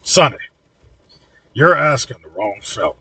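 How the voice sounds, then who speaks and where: A man's voice: medium pitch, sing-song, a little slow, sharp tone, far from the mic, exaggerated voice. A man voicing a cranky, blunt elderly man in his seventies in an audiobook reading.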